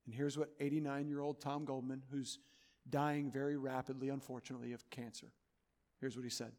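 A man preaching a sermon as pastor of his church, earnest, moving between loud urging and soft, hushed pleading. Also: medium pitch, level tone, brisk, in a large hall. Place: church sanctuary.

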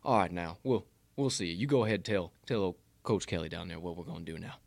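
Man impersonating a folksy old coach, low slow drawl, coaxing a young recruit, dry close sound. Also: creaky, a little mellow, no room sound. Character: drawling older male football coach courting a recruit.

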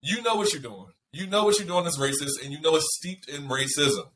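A man co-hosting a podcast from home, talking bluntly and profanely in an animated rant. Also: fairly high pitch, fairly quick, a little hiss or hum. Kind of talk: casual chat.

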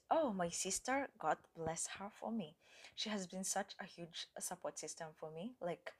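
A young woman hosting a podcast, telling her personal faith story in an earnest, reflective way, with fillers and at times dropping almost to a whisper. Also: on the low side. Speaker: podcast host. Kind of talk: personal faith testimony, casual talk.

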